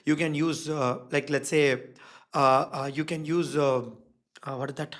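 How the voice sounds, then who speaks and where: A man's voice: on the high side, steady tone, unhurried, a bit bright. A man teaching a live online design workshop, stressing key words and checking in with the audience again and again. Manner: emphatic, repeats key words. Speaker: design instructor.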